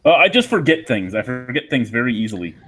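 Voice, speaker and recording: A man's voice: mid-range voice, sing-song, fast, a bit bright, faint music behind. A man chatting offhandedly and wryly on a casual video call. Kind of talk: casual group chat. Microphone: video call mic.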